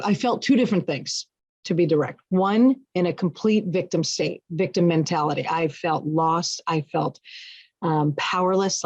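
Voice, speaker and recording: A woman being interviewed tells her story in a frank, expressive way and pokes fun at herself now and then. Her voice sits a little low, and the recording is dry, with no room around it. The sound is dull and lo-fi. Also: dry recording. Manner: frank, expressive, self-deprecating humor. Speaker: interview guest. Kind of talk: candid personal storytelling.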